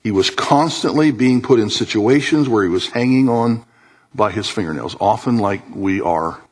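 Husky male preacher, animated delivery. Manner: animated preaching, swinging from low murmurs to high emphatic bursts. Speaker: pastor. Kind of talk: sermon. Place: church hall with congregation.

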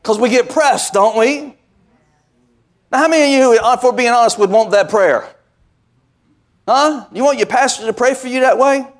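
High-voiced preaching male pastor. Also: moderate pace, long pauses. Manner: preaching with call-and-response asides. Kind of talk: sermon.

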